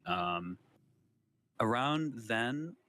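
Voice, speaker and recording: A man's voice: mid-range voice, very slow, pushed and bright. A man being interviewed who recalls past events hesitantly, with many ums and self-corrections.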